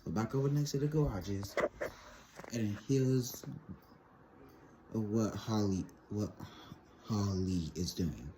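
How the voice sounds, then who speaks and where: A teenage boy rambling through a casual story, animated and laughing often. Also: fairly low pitch, slow, long pauses, slight background noise. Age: teens. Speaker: vlogger.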